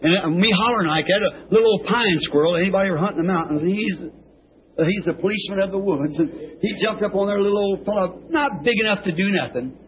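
A man preaching a sermon in a rambling, homespun storytelling way, breaking into high excited shouts, heard on a dull old tape recording with faint hiss. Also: fast. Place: church.

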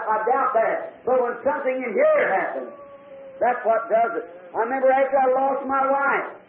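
A man from preaching an impassioned sermon in church, telling a personal story and rising at times to shouts, with drawn-out phrases. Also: very high-pitched. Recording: echoey, tinny old church tape.

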